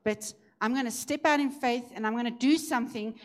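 A woman delivers a sermon testimony. She tells the story in a lively, conversational way. At the key moments she rises and turns emphatic. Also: brisk. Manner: lively storytelling, rising and emphatic at high points. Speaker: preacher sharing a testimony.

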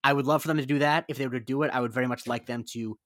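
A man's voice: medium pitch, steady tone, racing, a bit bright, dry recording, clean studio sound. A man co-hosting a podcast in casual chat, rambling and opinionated with frequent restarts. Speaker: podcast co-host.

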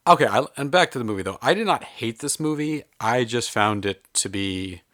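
In this casual movie review chat, a podcast co-host rambles and hesitates as he discusses a film. His medium-pitched voice is fairly bright, lively in intonation and fairly quick, captured in a clean studio with no room sound.

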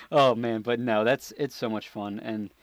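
A man's voice: mid-range voice, takes it slowly, no room sound. A young man co-hosting a gaming podcast, talking casually and rambling, often laughing and restarting his sentences. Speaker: podcast co-host. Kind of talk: casual chat.

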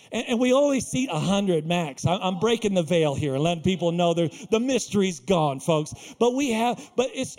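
A pastor with a high-pitched voice delivers a sermon in a small church. He's animated and full of jokes, acting out the lines he quotes.

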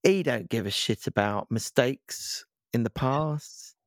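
Male podcast co-host, rambling jokey delivery, mid pitch, dry close mic. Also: slow pace, dry recording. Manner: rambling, joking, restarts a lot. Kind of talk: casual podcast chat. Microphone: podcast microphone.

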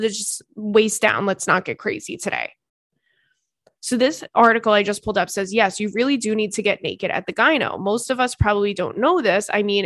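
A woman podcast host in her thirties, chatting frankly and swearing freely as she reads out listener letters. Her voice sits at an ordinary middle pitch. The sound is dry and close, with no room echo. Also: fairly bright tone. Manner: candid, swears freely, quick asides. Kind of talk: casual chat, reading listener letters.

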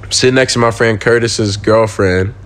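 A man's voice: fairly low pitch, steady tone, moderate pace, fairly bright tone. A young man, a podcast guest, telling a story in casual, slangy speech full of swearing and laughing.

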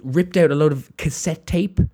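A man's voice: fairly high pitch, moderate pace, mellow, slightly rough. A man, a guest in a casual chat, telling rambling stories with lots of fillers and laughs.

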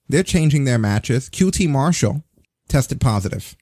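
Male podcast host, sarcastic ranter, dark husky tone, dry close mic. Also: mid-range voice, unhurried, no echo. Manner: sarcastic, swearing, animated. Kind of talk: casual wrestling news chat.

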